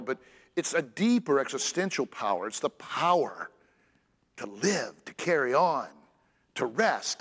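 A man preaching a sermon as pastor, earnest and lively, stressing phrases between pauses. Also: medium pitch. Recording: echoey church hall.

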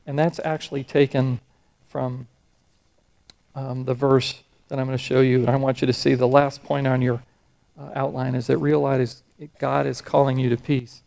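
Gravelly earnest male preacher. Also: medium pitch, little pitch movement, darkish tone. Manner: earnest, slows down to read scripture and hymn verses. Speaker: pastor. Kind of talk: sermon.

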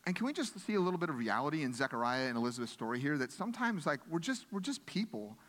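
Man, pastor, sermon, earnest and conversational, slightly high voice, long hall reverb. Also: big pitch swings, quick pace, fairly bright tone. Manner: earnest, conversational, with frequent restarts.

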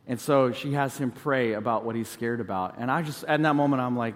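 A man's voice: medium pitch, a little fast, in a large hall. A male pastor in his thirties preaching a sermon in a conversational, storytelling way, mixing in self-deprecating humor.

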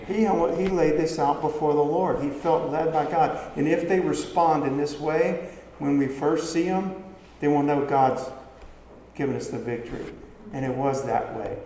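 A preacher in an echoey church hall. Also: male voice, fairly high pitch, normal speed, warm tone, slight background noise. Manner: conversational, asks the congregation rhetorical questions. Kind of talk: sermon. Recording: echoey hall with long reverb, faint ambience.

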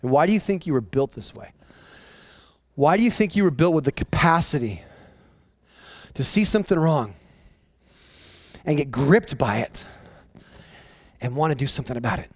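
A pastor preaching with a high, bright-toned male voice. He talks in an animated way and often restarts or repeats phrases. The sound is dry and close, with no room echo. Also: moderate pace, long pauses. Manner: animated, acting out voices of people in the story. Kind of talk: sermon.

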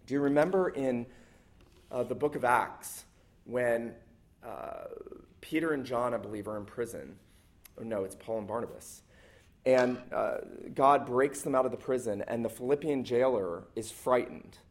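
A man's voice: mid-range voice, normal speed. A man preaching a sermon to a church congregation as the pastor, earnest and emphatic, stacking up short repeated phrases.

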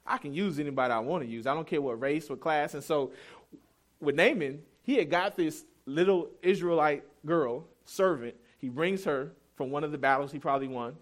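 A man's voice: a little high, moderate pace. Candid storytelling male preacher. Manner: conversational storytelling, candid and self-deprecating. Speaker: pastor. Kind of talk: sermon.

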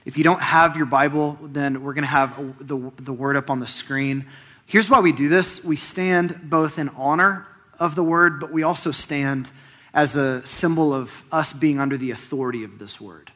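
A man's voice: fairly high pitch, moderate pace, a bit bright. Earnest male pastor reading scripture. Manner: earnest, reads scripture with rising emphasis on quotes. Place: church.

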